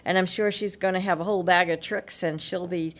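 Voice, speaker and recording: A woman's voice: lowish voice, steady tone, fairly quick. A woman hosting a local radio show, chatting casually through event listings with lots of fillers and small laughs. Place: radio studio.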